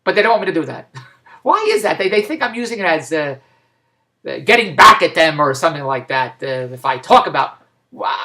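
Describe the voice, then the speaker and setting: A man ranting in a rambling vlog, repeating himself and stammering, growing loud and exasperated. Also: on the high side, lively intonation, quick pace, slight background noise. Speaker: vlogger.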